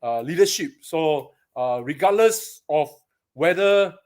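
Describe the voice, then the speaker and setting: A man's voice: a little high, lively intonation, takes it slowly. A man from Singapore with a Singaporean English accent, hosting a casual live stream from a paintball shop, chatty and greeting viewers by name.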